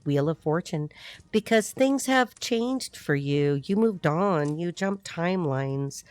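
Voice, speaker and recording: A woman's voice: on the low side, dry recording. Chatty woman giving a tarot reading. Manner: chatty, laughing often, quick asides. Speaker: tarot reader.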